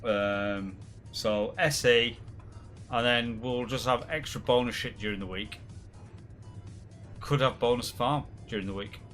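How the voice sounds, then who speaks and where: A man's voice: medium pitch, measured pace, pauses often, fairly bright tone, faint music behind. A man hosting a live game stream, chatting casually with friends, joking and rambling with frequent laughs. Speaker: streamer host. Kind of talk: casual chat while gaming.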